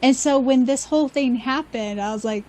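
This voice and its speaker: A woman's voice: sits high, moderate pace, mellow, low-quality recording. A woman co-hosting a podcast, talking enthusiastically in a casual chat full of fillers. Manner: enthusiastic, filler-heavy, restarts often. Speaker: podcast co-host and audiobook reader.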